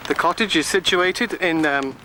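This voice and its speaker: A man's voice: fairly high pitch, moderate pace. Jokey young Englishman on camcorder. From England. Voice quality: jokey, offhand commentary. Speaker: video diarist. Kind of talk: casual video diary narration. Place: outdoors in remote countryside. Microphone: handheld camcorder mic. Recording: noisy outdoor camcorder audio.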